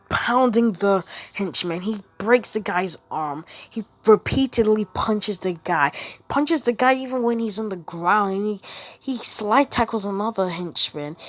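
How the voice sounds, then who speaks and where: A woman casually retelling a made-up story, rambling and stringing events with quoted lines. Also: mid-range voice.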